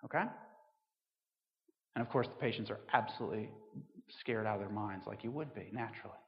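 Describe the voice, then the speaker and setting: A man's voice: lowish voice, fairly quick, long reverb tail, muffled recording. A man preaching a sermon as a vicar, earnest and storytelling, building to emphatic points.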